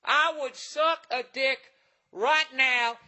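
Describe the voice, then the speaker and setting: A man voicing a pushy, drunk, thirty-year-old man from Alabama who yells. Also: very high-pitched, steady tone, slow, voice pushed up, full character voice. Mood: rowdy. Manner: pushy, yelling, slurred.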